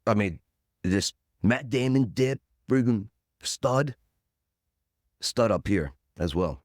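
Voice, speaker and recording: A man in his forties speaks slowly as a podcast guest, his story punchy and full of acted-out quotes and the word "boom." The sound is clean studio audio with no room sound.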